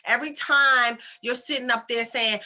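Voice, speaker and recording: A woman's voice: fairly high pitch, steady tone, moderate pace, pushed and bright. A woman hosting her own channel, giving casual spiritual advice in a chatty way, repeating phrases and checking in with listeners. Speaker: intuitive healer and channel host.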